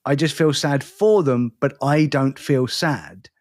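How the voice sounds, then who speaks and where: A man's voice: medium pitch, slow pace, a little mellow. A tired English man with an accent between London and educated, chatting casually as podcast co-host, rambling and self-deprecating. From England. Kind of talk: casual chat.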